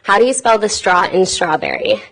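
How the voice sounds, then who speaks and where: A stubborn ice cream seller, deadpan and exasperated, repeating himself, played by a woman telling a joke. He speaks at a middle pitch, in an everyday voice with only a light touch of character. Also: moderate pace, vocal fry, full character voice, poor audio.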